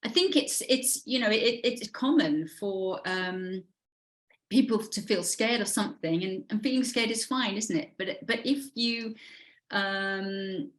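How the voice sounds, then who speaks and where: A middle-aged woman, a guest coach who talks thoughtfully and pauses often with fillers. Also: medium pitch. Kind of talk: conversational interview.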